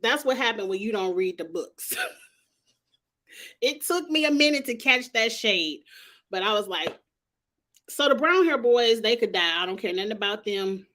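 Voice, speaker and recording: Brash woman hosting a casual TV recap, somewhat high-pitched, talks right at the characters. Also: normal speed, pauses often. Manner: sassy, talks straight to the characters; animated, slangy and blunt. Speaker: TV show reviewer. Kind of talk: casual commentary.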